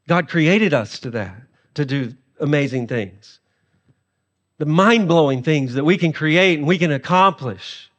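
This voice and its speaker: Fields: Sex: man. Role: pastor. Pitch: high. Sound: long hall reverb. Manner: humorous, animated preaching. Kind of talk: sermon.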